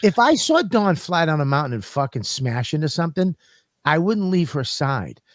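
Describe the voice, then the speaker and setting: Profane, animated man telling stories. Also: on the high side, normal speed, no room sound, clean studio sound. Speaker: podcast co-host. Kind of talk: casual comedic chat.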